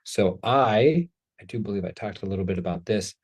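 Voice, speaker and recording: A man's voice: on the low side, a little fast, darkish tone, husky. A man hosting a casual talk show, talking in a playful, chatty way and joking about himself. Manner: playful, chatty, self-deprecating. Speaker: host.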